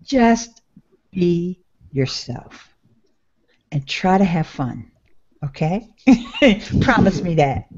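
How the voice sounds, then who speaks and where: A woman's voice: fairly low pitch, sing-song, drawn-out words, long pauses, a little mellow, husky. An upbeat woman who laughs easily, speaking as a guest on a casual video-call chat. Her voice sounds somewhat dull and lo-fi through the call. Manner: upbeat, giggly. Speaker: guest blogger.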